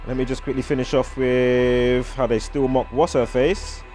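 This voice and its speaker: A man's voice: mid-range voice, flat delivery, normal speed, darkish tone, faint music behind. A man with a British accent, rambling through a casual vlog commentary and reeling off strings of numbers. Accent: British English. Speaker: vlogger.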